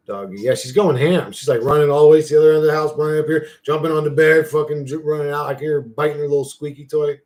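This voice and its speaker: A man's voice: steady tone, fast, hardly any pauses, darkish tone. A young man hosting a casual livestream, rambling, swearing freely, and answering his viewers' chat. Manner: rambling, profane, talks to his dog in a high playful voice. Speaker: livestream host.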